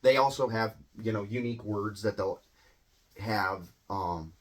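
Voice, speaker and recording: A man with a Midwestern American accent teaching English in a relaxed, conversational way, often checking in with tag questions. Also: on the low side, a little slow. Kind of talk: casual explanatory lesson.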